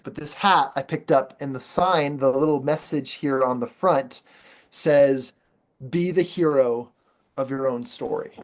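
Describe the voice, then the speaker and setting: An upbeat man leads a motivational workshop, playful and emphatic, and he repeats key phrases. His voice sits a little high for a man. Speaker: workshop trainer. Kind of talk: motivational training talk.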